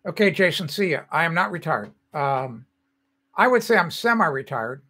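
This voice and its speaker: A man's voice: fairly high pitch, sing-song, normal speed, pushed and bright, slightly rough. An older man hosting a casual livestream, chatting loosely and reading out viewer comments as he greets people by name. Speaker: livestream host.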